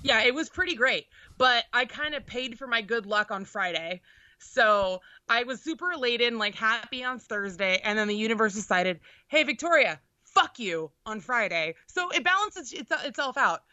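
A young woman co-hosting a podcast, telling an animated, profane story in casual chat. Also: a little high, normal speed, dry recording. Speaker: podcast co-host. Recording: dull lo-fi sound.

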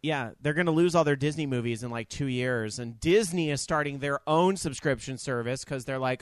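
A man in casual chat, exclamatory and lively, swearing freely. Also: medium pitch, moderate pace, few pauses, smooth, no room sound.

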